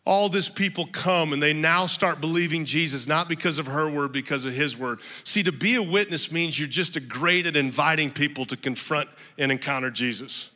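Male pastor, sermon, emphatic personal storytelling, fairly high, piercingly bright, reverberant church hall. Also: moderate pace, few pauses.

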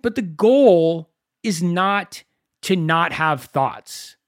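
A man hosting a solo podcast, talking in a conversational, animated storytelling way with self-mocking asides. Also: sits high, very slow, dry recording, studio quality. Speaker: podcast host.

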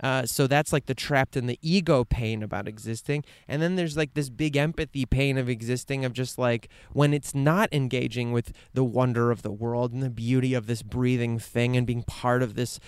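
A man with a smooth, resonant voice rambles earnestly in an outdoor vlog. He swears freely, drifts between hushed musing and fired-up rants, and sits in a quiet meadow with a dry, close sound. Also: medium pitch, fairly even intonation, normal speed, few pauses, no room sound. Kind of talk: casual outdoor vlog monologue.

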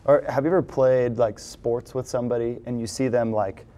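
A man hosting a casual interview, talking in a relaxed, rambling way with many fillers. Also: mid-range voice, moderate pace. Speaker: podcast host.

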